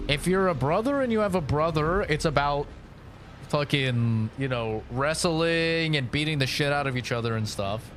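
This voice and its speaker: A man's voice: a little high, moderate pace, noisy background. A young man chatting on a gaming stream, telling crude, profane, rambling stories. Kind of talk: casual stream chat.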